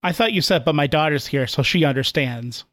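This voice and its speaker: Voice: mid-range voice, a little fast, fairly bright tone, no room sound, studio quality. A podcast co-host chatting casually and enthusiastically, picking apart a film's plot. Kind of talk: casual chat.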